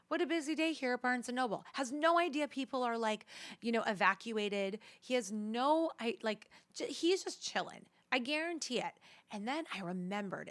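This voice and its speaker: A chatty woman hosts her own podcast and tells a story in a loose, casual monologue. Her pitch sits mid-range for a woman. She fills her talk with "like," restarts her sentences, and speaks straight to her listeners as "you guys.". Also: a bit bright. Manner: chatty, full of "like" fillers and restarts. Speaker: podcast host.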